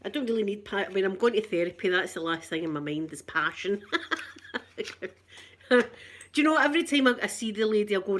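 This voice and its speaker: A woman's voice: medium pitch, expressive, fairly quick, fairly bright tone. A Scottish woman in middle age talks casually to her viewers on a live stream. She has a mid-range voice. She rambles, repeats her phrases and breaks into laughter often. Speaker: channel host.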